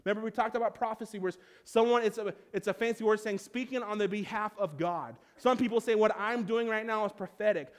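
A man's voice: high voice, quick pace, hardly any pauses, big-room sound. A man preaching a conversational sermon as pastor, often restarting his phrases.

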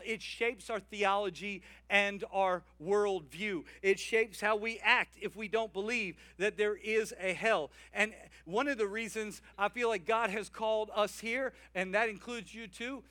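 High, bright-voiced energetic preacher. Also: male voice, a little slow, few pauses, no room sound. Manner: humorous, energetic, calls out to the congregation. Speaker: pastor. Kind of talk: sermon.

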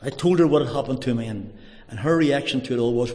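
A middle-aged man giving a personal conversion testimony, telling his story earnestly and haltingly with many restarts. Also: medium pitch, warm tone. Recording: long hall reverb.

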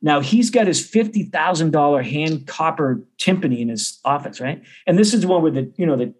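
A man's voice: a little high, fairly quick. A middle-aged man, a percussion teacher, telling a story casually and acting out the other people's voices. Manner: animated, acts out others' voices.

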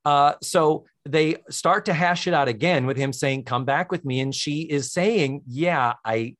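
A man co-hosting a podcast, recapping a sitcom in casual chat as an animated storyteller. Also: unhurried. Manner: animated storyteller, sing-song pitch swings. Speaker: podcast co-host.

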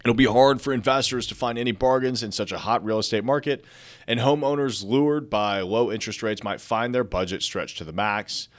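A young male podcast host with a medium-pitched voice speaks fairly quickly as he reads real estate articles aloud. He peppers them with chatty asides on his casual market news show.

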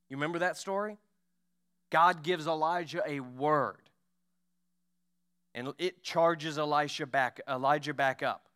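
A male pastor preaching a sermon, retelling Bible stories with lively acted-out voices. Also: fairly high pitch, clean tone. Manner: storytelling preacher acting out Bible scenes. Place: church.

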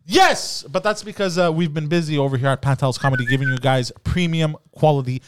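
A rowdy man hosting a casual comedy podcast, his voice sitting a little high for a man. He swears freely, trips over restarts and laughs between lines. The talk is loose, crude banter among friends. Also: quick pace, background noise. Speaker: podcast host.

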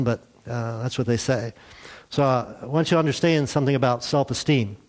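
A man's voice: mid-range voice, fairly quick. A man preaching a sermon in a church, in a conversational way, asking rhetorical questions and telling light jokes. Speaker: pastor.

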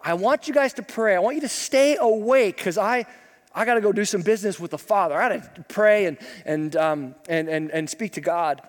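A man's voice: high voice, moderate pace, big-room sound, lightly acted. A man playing a patient but exasperated male teacher who talks in casual modern slang. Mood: instructing.

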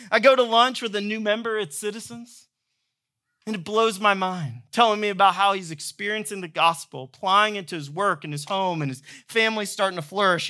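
A man's voice: sits high, pushed and bright. A man in his thirties preaching a sermon as pastor, telling stories in a playful, humorous way. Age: 30s.

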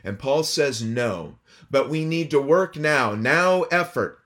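A man preaching an expository sermon, earnest and emphatic, slowing down to stress key phrases. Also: medium pitch, lively intonation, a bit bright. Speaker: pastor.

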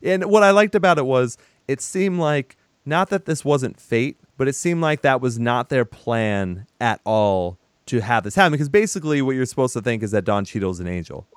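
A man's voice: mid-range voice, animated, normal speed, few pauses, clean tone, no room sound, studio quality. A man recapping a film in casual chat, animatedly acting out the characters' lines. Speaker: podcast co-host.

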